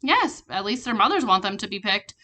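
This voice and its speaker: A woman's voice: medium pitch, sing-song, a little fast, pushed and bright. A woman reading a polite young receptionist.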